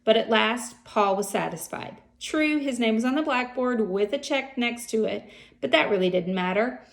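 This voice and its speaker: A woman reading a children's chapter book aloud with an expressive delivery. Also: on the high side, moderate pace. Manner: expressive, gravelly voice. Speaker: reader.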